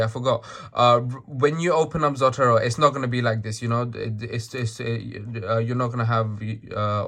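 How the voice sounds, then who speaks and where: A man with a slightly hoarse, lowish voice walks through a casual tutorial on screen. He rambles, restarts sentences and keeps checking in with the listener. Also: a bit bright. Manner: rambling, full of fillers and restarts, tags "right?". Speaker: tutorial maker.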